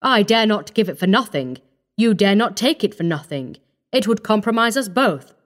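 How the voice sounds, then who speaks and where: A woman voicing a cold, scheming young male doctor in a storybook reading, speaking calmly and firmly. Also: medium pitch, normal speed, close to an everyday voice. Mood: pressing. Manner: calm, coaxing, firm.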